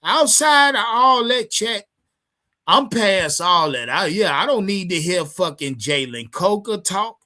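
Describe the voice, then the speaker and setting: This sports fan streamer speaks in a high, expressive voice, a little slowly, with a bright, forceful tone. He rants to his livestream chat about his football team, heated, profane and repetitive.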